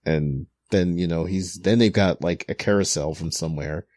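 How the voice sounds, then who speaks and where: Low-voiced man chatting on a podcast. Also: no room sound. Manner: animated, acts out characters' lines in quick voices. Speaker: podcast host. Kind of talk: casual podcast chat recapping manga.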